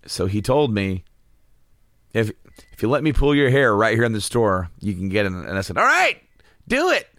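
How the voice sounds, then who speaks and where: A man's voice: on the low side, normal speed, dry recording, studio quality. A man co-hosting a casual chat, telling stories with lots of laughs and acted-out quotes. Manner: animated storyteller, laughs often, acts out quotes. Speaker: podcast co-host.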